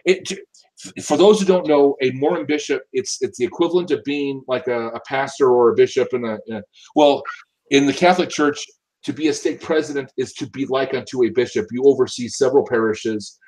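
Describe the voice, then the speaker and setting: A man's voice: medium pitch, brisk, a little mellow, low-quality recording. A man giving opinionated casual commentary, emphatic and often repeating and restarting his words. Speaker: political commentator.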